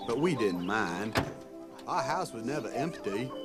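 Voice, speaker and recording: Film role, earnest plain-spoken man, gentle and slow, with strong score under the dialogue. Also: mid-range voice, very animated. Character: simple earnest grown man telling his life story. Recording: film audio with loud music beneath.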